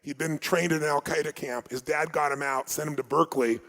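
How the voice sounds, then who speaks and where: An American man telling stories at a motivational seminar, emphatic and dramatic, swinging between loud and hushed delivery. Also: a little high, steady tone, brisk. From United States. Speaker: motivational speaker. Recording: long reverb of a large hall.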